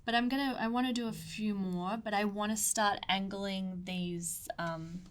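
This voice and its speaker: A young Australian woman walks through an ink drawing step by step. Her voice sits at a middling pitch, and her talk wanders through fillers, jokes at her own expense and side stories, often softening to a near murmur as she focuses on the page. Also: fairly even intonation, measured pace. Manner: rambling, chatty, self-deprecating with asides and fillers. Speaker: artist demonstrating a drawing. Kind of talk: casual drawing tutorial.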